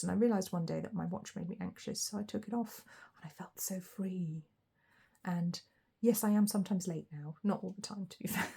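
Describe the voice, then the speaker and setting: A woman's voice: fairly low pitch, vocal fry, warm tone, husky. A woman giving a chatty, casual pick-a-card tarot reading, thinking aloud and laughing lightly as she goes. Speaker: tarot reader.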